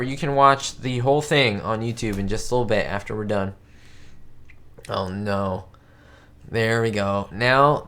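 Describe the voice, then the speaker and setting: A man's voice: on the low side, fairly bright tone. A man hosting a live stream, reacting to an old comedy with frequent laughter and exclamations and talking straight to his viewers. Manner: giddy, laughs often, exclamatory; chats directly to viewers. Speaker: channel host.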